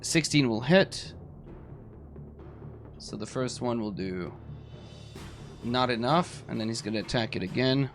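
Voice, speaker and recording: A man's voice: medium pitch, a little slow, pauses often, soft background music. A man narrating and running a tabletop game as game master, explaining the rules casually.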